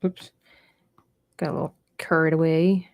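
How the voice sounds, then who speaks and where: A young woman talks as she paints, chatty and rambling, often trailing off. Her voice sits fairly low, and the recording is close and dry with no room sound. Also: flat delivery, a little slow, darkish tone, dry recording. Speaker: livestreaming artist. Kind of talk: casual chat while painting.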